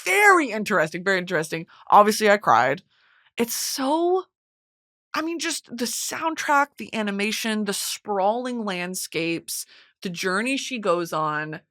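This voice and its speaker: A young woman hosting a casual chat show, animated and expressive, swearing freely. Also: medium pitch, normal speed. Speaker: podcast host.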